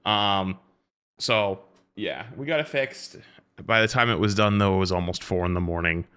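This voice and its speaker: Bright-voiced man chatting casually. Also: deep voice, normal speed, smooth. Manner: rambling, loose, swears casually. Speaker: streamer. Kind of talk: casual chat to a live stream.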